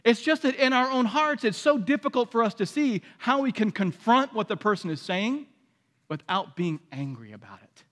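A man's voice: high voice, sing-song, normal speed, a bit bright, in a large hall. A man preaching a sermon in a conversational way, acting out the voices he quotes. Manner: conversational, acts out quoted voices, many restarts.

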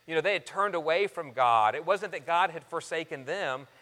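A man preaching a sermon, earnest, calling his listeners friends and shifting from loud emphasis to soft, hushed lines. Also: on the high side. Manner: addresses the congregation as friends. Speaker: pastor. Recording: long reverb of a large hall.

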